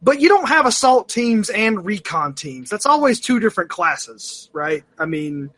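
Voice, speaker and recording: Podcast co-host, man, high-pitched and bright, rambling and animated with lots of fillers. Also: unhurried, dry recording. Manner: rambling, full of fillers and restarts; animated, self-mocking storyteller. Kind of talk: casual chat.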